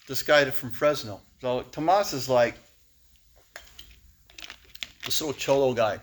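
A man giving a candid, emotional personal testimony to a recovery meeting, often laughing as he speaks. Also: mid-range voice.

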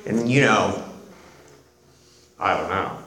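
A middle-aged man, a guest on the show, telling a personal story in a halting way, with many restarts and quiet pauses. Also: deep voice, expressive. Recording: roomy echo.

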